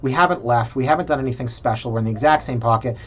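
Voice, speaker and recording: A man's voice: mid-range voice, rapid-fire, muffled recording. A Canadian man casually talking viewers through property listings in a chatty, sarcastic way. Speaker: real estate vlogger.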